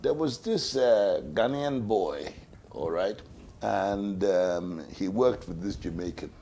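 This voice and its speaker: Older radio host guy, gravelly voice, tells jokes easy and slow, faint hiss behind. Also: fairly low pitch. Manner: relaxed joke-telling, acts out quoted voices. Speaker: radio talk show host. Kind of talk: casual storytelling chat.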